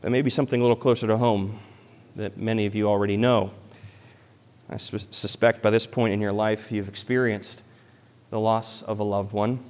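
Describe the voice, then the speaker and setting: A man's voice: lowish voice, level tone, moderate pace, darkish tone. A man preaching a sermon as a pastor, earnest and building to emphatic peaks. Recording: long hall reverb.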